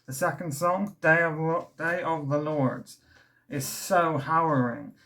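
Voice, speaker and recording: A young male record reviewer speaks in a slightly high, steady, sharp voice at an unhurried pace in a casual album review vlog. He's eager and slightly breathless, rambling enthusiastically with many fillers and restarts.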